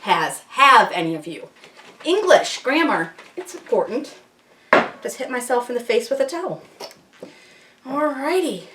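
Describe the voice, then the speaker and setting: Upbeat, chatty woman with a higher voice doing a kitchen how-to, a little off-mic. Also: very animated, a little slow, long pauses, distant mic, background noise. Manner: chatty, upbeat, self-deprecating asides. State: slightly out of breath at times. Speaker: homesteading channel host. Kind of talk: casual how-to demonstration. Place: home kitchen.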